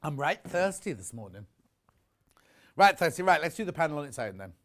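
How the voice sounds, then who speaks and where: Chatty animated male shopping host. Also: on the high side, brisk. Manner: chatty, rambling, jokey asides. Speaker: shopping channel presenter. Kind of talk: live sales presentation. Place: warm studio with the shutter doors open.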